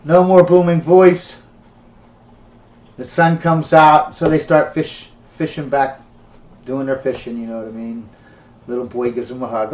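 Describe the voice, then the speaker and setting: A man's voice: medium pitch, level tone, a little slow, long pauses, darkish tone. A man telling a comic sermon story in a rambling way, laughing often. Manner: rambling, laughing, filler-heavy. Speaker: preacher. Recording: dull, roomy recording.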